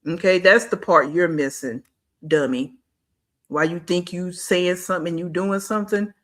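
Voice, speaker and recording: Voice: medium pitch, normal speed, a bit bright. A reaction channel host giving casual commentary in slang, scolding with one rhetorical question after another. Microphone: streaming setup mic.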